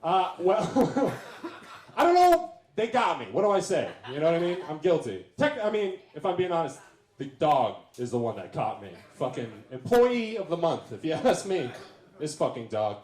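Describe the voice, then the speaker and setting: Animated man telling a stand-up story. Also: fairly high pitch, normal speed. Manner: animated storytelling with self-deprecating asides and acted-out quotes. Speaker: guest comedian. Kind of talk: stand-up set. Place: live comedy stage with audience. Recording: roomy venue sound with crowd.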